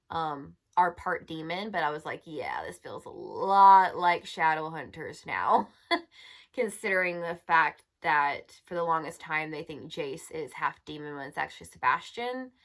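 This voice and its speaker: A woman's voice: fairly low pitch, fairly bright tone. A young woman chatting casually as a book reviewer, exasperated and full of filler words. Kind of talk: casual chat.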